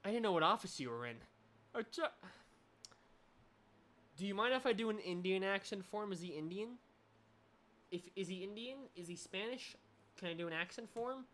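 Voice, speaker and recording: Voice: mid-range voice, animated, brisk, long pauses, fairly bright tone, slight background noise. A game developer giving casual playthrough commentary, joking, swearing and reading the game's dialogue aloud.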